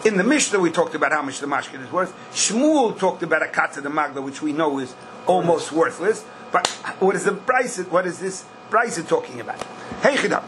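Older teacher, slightly high voice, singsong questions, sudden emphatic bursts, faint background hiss. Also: male voice, lively intonation, a little fast. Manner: questioning singsong, bursts of emphasis, Yiddish-style Hebrew terms. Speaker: Talmud teacher. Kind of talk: Talmud class lecture.

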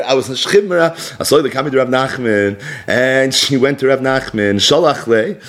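A man giving a Talmud lecture in an animated, explanatory way, with Aramaic terms mixed into his speech. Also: mid-range voice, measured pace. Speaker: Talmud teacher.

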